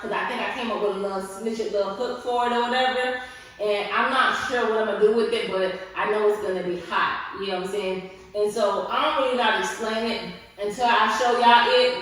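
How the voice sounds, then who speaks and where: A woman's voice: mid-range voice, a bit bright, distant mic. A young woman chats to her viewers with sassy flair while she stretches, sprinkling in honey and hunty. She sounds tired and short on sleep. The mic sits well away from her in a very echoey room. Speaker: vlogger. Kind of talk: casual chat while stretching.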